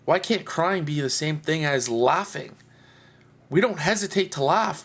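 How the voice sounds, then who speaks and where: Earnest man speaking slowly, heartfelt. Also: a little high, expressive, fairly bright tone. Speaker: video blogger. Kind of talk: personal talk to camera.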